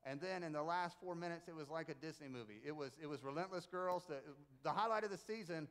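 High-voiced, animated middle-aged male pastor. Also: fast talker. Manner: animated storyteller, emphatic, jokey asides. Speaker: pastor and basketball coach. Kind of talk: conversational Easter sermon. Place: church sanctuary with congregation.

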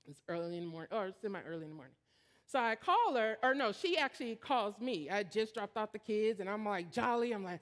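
A woman's voice: mid-range voice, expressive, a little fast. A woman preacher giving a sermon in a candid, storytelling way, building to emphatic points. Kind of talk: conversational sermon.

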